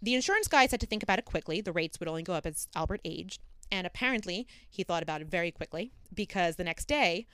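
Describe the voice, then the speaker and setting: A woman's voice: on the low side, expressive, fast talker, a bit bright, clean tone, dry recording. Chatty woman narrating true crime. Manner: chatty storytelling with frequent fillers. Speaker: podcast host.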